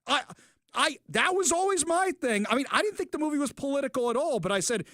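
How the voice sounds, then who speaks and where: A man hosting a political talk radio show, opinionated and sarcastic, with quick asides and restarts. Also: extremely high pitch, lively intonation, a bit bright, no echo, studio quality.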